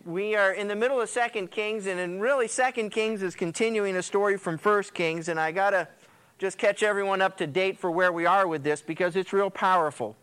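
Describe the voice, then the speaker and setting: Animated preacher with a smooth, fairly high voice. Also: male voice, a little fast. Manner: animated storytelling preacher, acts out quotes. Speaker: pastor. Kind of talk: sermon.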